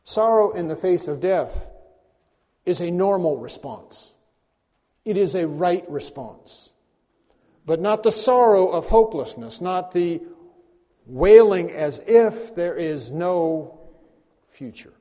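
A male pastor preaching an earnest sermon, dropping to soft, tender passages and rising to loud, emphatic peaks. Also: sits high, animated, takes it slowly, long pauses, big-room sound.

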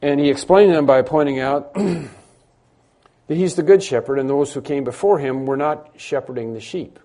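A man's voice: medium pitch, moderate pace, mellow. A man preaching a sermon, emphatic, building through repeated phrases and frequent restarts. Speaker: pastor.

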